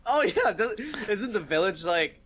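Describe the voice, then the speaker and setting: A man co-hosting a casual podcast, halting and stammering as he talks. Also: sits high, animated, fairly bright tone, rough recording. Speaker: podcast co-host. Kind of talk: casual recap chat.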